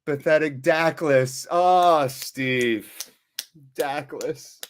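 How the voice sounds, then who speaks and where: Sweary, weary football watchalong host. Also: male voice, a little high, very slow, smooth. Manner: sweary, jokey, reads out chat messages; weary and deflated. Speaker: host of a live fan watchalong stream. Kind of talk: casual live-stream chat reading viewer comments.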